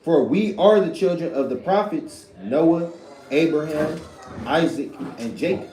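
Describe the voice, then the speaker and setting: Man, scripture reader, slightly high pitch, slow, halting delivery, echoey room. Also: animated, warm tone. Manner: slow, halting reading with drawn-out words. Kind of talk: reading verses aloud.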